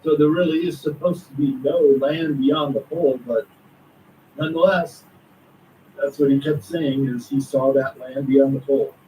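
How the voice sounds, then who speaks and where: A man talking as an author and guest, recounting a story with excited asides. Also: medium pitch, normal speed, far from the mic, a little hiss or hum, low-quality recording. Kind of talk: conspiracy talk interview.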